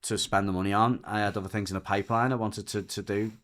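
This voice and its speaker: A man from the UK, a dog trainer guesting on a podcast, telling a story in rambling, animated casual chat full of restarts. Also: on the low side, fast. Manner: rambling and animated, with frequent restarts and lively mimicry of others.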